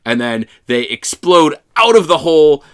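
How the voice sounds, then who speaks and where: Young male podcast co-host, bright lively voice, playful swearing recap. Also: on the high side, normal speed. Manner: animated retelling with silly acted-out quotes and profanity. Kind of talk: casual movie review chat.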